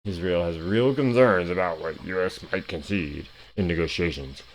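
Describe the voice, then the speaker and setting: A man with a lowish voice riffs on the day's headlines. He is sarcastic and profane, and he rambles and restarts as he reads. It sounds like a one-man commentary show. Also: normal speed, a little hiss or hum.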